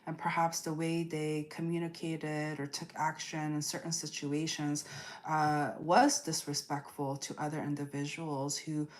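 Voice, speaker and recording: A woman's voice: deep voice, a little slow. Rambling woman giving a tarot forecast. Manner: rambling, fillers like "like" and "okay?"; acts out quoted people in lively voices. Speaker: tarot reader. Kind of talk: live astrology energy forecast.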